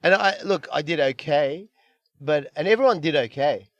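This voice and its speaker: A middle-aged man, a comedian telling stories in a casual chat, animated and self-mocking, acting out the people he quotes. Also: on the high side, normal speed, dull audio. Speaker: comedian guest.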